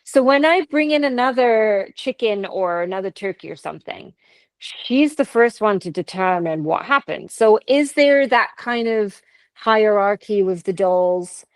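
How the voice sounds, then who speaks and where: A Canadian podcast co-host shares ghost stories in a relaxed, chatty way, sprinkling in laughs and asides. Her smooth, mid-range voice has lively intonation and a slightly slow pace, recorded dry and rough.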